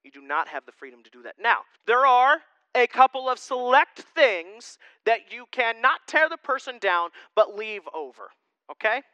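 This is an animated male pastor preaching in a loose, conversational style and tossing in "right?" asides. His voice sits high for a man and rings bright and smooth. The sound is dry and close. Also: normal speed, dry recording, poor audio. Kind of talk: sermon. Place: church sanctuary.

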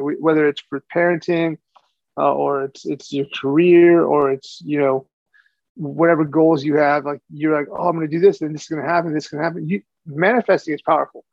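Podcast co-host, male, gravelly and a bit high, rambling casual chat, dry dull recording. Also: dry recording. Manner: rambling, repeats words while thinking.

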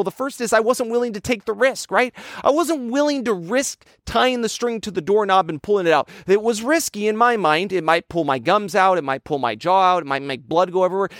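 A man preaching a sermon, telling a childhood story in a lively, conversational way. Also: high-pitched, no echo, studio quality. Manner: storytelling, animated with childhood anecdotes. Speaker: pastor.

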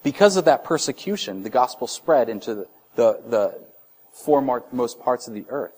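A man's voice: medium pitch, expressive, normal speed, a little mellow. A man in his thirties preaching a sermon in a conversational way, restarting phrases and acting out short voices. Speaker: pastor.

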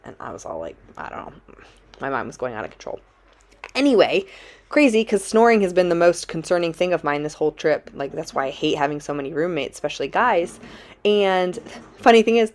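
Low-voiced woman telling a dramatic story. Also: lively intonation, fairly quick, darkish tone. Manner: dramatic, chatty, heavy use of "like". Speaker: travel vlogger. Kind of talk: casual storytelling to camera.

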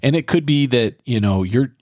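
A man co-hosting a podcast, telling work stories in a relaxed, earnest conversational way. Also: medium pitch, moderate pace, dry recording, studio quality. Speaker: podcast co-host.

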